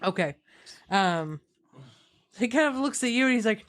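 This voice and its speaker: A woman's voice: fairly high pitch, lively intonation, moderate pace, long pauses. A woman narrating as game master of a tabletop game, playful and laughing often.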